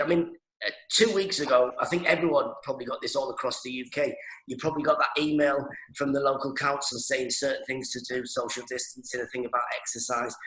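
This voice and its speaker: A man from northeast England, a comedian telling animated stories over a video call. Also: mid-range voice, reverberant, poor audio. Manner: animated, excitable storytelling. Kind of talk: stand-up style chat on a video call.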